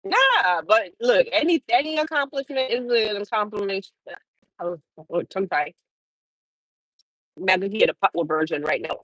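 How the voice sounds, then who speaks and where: A young woman chats casually on her livestream in a middle-pitched voice, swearing freely and laughing as she answers her chat. The sound is dry and close, with no room in it. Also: animated, normal speed, pauses often, fairly bright tone, no room sound, low-quality recording. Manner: loose, profane, laughing, talks back to chat. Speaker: trucker livestream host.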